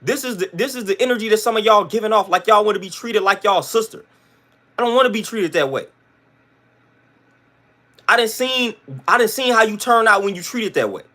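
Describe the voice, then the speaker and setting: A man's voice: sits high, animated, brisk, long pauses, pushed and bright. A man hosting a livestream, ranting to his chat in an emphatic, blunt, slang-heavy way that keeps repeating its points. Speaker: livestream host.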